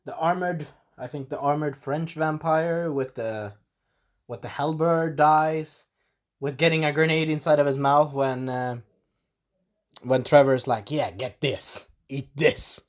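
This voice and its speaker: A man giving a casual spoken episode recap, animated and breaking into character voices, clearing a scratchy throat. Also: unhurried. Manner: animated, acts out characters in sudden high voices. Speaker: video reviewer.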